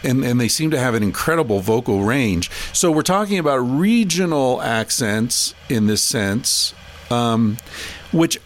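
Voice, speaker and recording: A man's voice: medium pitch, animated, a little slow. A man hosting a podcast conversation, casual and thinking aloud with plenty of fillers. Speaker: podcast host.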